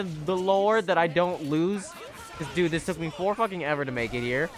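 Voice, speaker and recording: An excitable young male streamer with a slightly higher-pitched voice, swearing freely and shouting at the game as it goes wrong. Faint game music plays softly behind him. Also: brisk. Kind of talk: live gameplay commentary.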